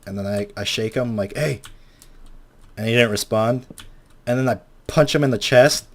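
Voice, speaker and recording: A man's voice: lowish voice, brisk. Rambling, swearing young man telling a story. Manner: rambling, swears a lot, acts out quotes. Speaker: Minecraft video maker. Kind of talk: casual storytelling while playing.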